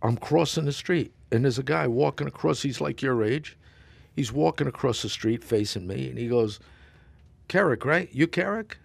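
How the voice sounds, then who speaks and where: A man's voice: mid-range voice, expressive, normal speed, vocal fry, no room sound. A middle-aged man, a podcast guest talking bluntly and emphatically, swearing and acting out quotes. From New York. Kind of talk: casual chat.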